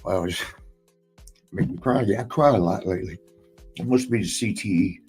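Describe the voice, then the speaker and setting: A man's voice: on the low side, a little fast, darkish tone, husky, faint music behind, poor audio. A man hosting a casual chat, telling a long personal story in a rambling way, swearing often and laughing between lines. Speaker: podcast host and former wrestler.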